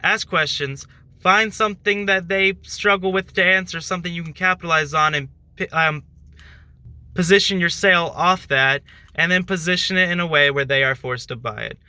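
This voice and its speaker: A man's voice: sits high, normal speed, sharp tone, smooth, dry recording. A young man hosting his own channel, giving a casual talk-to-camera tutorial in a loose, chatty way full of fillers. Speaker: channel host giving sales tips.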